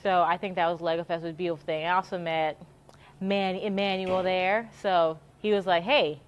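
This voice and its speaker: A woman's voice: lowish voice, flat delivery, moderate pace, muffled recording, a little hiss or hum. A young woman from the Houston area telling a story in casual chat, upbeat and chatty, laughing often and repeating herself. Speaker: interviewee in a live stream.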